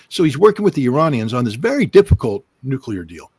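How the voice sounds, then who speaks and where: A man's voice: medium pitch, sing-song, fast talker, few pauses, darkish tone, breathy edge, dry recording. A middle-aged man giving emphatic political commentary on a livestream, hammering points with repetition and mocking quotes of officials.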